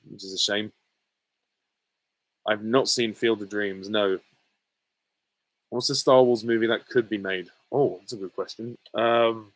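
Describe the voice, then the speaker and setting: A young man in his twenties chats through viewer questions on a live stream, with a lowish voice. He talks in an easygoing, halting way, full of ums and small laughs. The sound is dry and close. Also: no room sound, low-quality recording. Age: 20s. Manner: easygoing, hesitant with frequent ums and soft laughs. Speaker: YouTuber answering viewer questions. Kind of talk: casual live Q&A reading chat comments.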